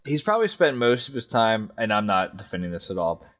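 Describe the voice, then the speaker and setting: Man, relaxed slangy podcast co-host, lowish voice, casual swearing. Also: fairly quick.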